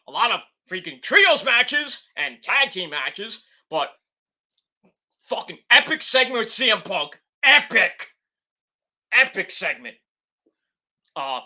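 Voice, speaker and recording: A man's voice: sits high, sharp tone. A man hosting a casual review show, rambling and swearing freely and correcting himself as he goes. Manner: rambling and profane, with frequent self-corrections. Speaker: wrestling show reviewer, host. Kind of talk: casual spoken review and rant. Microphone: computer setup while recording.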